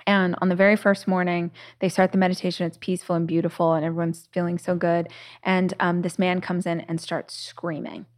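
A woman hosting a podcast, her voice sitting a little low for a woman. She talks in a relaxed, reflective way and slips into storytelling, with lots of casual fillers along the way. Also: a little fast. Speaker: podcast host.

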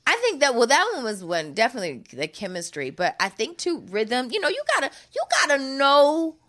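A woman speaking frankly in a candid casual podcast chat, animated and full of restarts. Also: sits high, a little fast.

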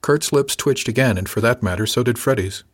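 Measured man narrating a novel. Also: mid-range voice. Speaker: audiobook narrator. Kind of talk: first-person novel narration.

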